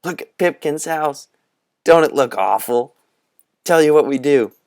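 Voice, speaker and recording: A man voicing an excited young boy in a storybook reading, shrieking and gushing with relief. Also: a little high, unhurried, voice pushed up. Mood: rallying.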